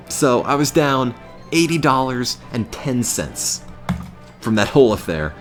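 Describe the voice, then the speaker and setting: A young man chatting casually on a live stream, talking deadpan and monotone with bursts of exasperated ranting. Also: medium pitch, measured pace, faint music behind.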